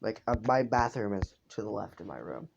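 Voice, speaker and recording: A man's voice: lowish voice, big pitch swings, moderate pace, vocal fry, muffled recording, a little hiss or hum. A man telling a story in a casual, improvised way. He rambles, swears and breaks off for asides.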